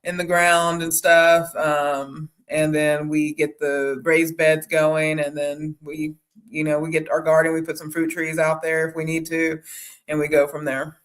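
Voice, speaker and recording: A woman talks casually as a guest on a live chat. Her speech is halting and rambling, with frequent fillers and restarts as she thinks aloud. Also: sits low, level tone. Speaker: guest homesteader. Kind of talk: casual conversation.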